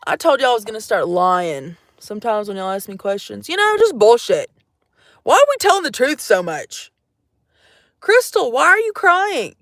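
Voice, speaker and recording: A woman's voice: medium pitch, sing-song, moderate pace, no room sound, clean studio sound. A young woman rambling to her livestream viewers in a jokey, profane, casual chat from out in the woods. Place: outdoors in the woods.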